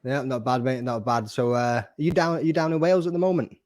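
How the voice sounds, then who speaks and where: A man's voice: mid-range voice, fairly even intonation, fairly quick, a little mellow, dry recording, clean studio sound. A man with a Northwest English accent hosting a podcast, chatty and matey, often saying "you know what I mean". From Northwest England. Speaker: podcast host. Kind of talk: casual interview chat.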